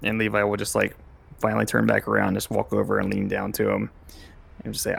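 A man's voice: lowish voice, very animated, fast, vocal fry, fairly bright tone, husky. A man describing his moves offhandedly as a player in a tabletop game, with many fillers. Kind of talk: casual tabletop play.

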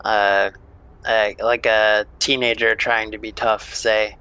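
A man's voice: fairly low pitch, flat delivery, takes it slowly, pushed and bright, clear, resonant tone, dry recording, rough recording. A man narrating a tabletop game as game master, in a loose, casual way with many fillers.

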